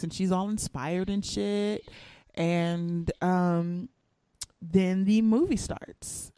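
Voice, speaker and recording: A man's voice: high-pitched, fairly even intonation, slow pace, mellow, clean tone, no echo. A man hosting a casual recap podcast, telling the story and acting out the characters' lines. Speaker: podcast host recapping a TV episode.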